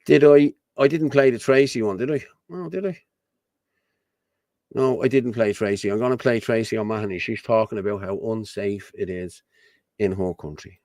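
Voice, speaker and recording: A man's voice: lowish voice, normal speed, a little mellow, no room sound, studio quality. Blunt rambling Irish man. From Ireland. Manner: blunt, rambling, repeats himself. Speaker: online commentary host. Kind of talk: casual ranting commentary to camera.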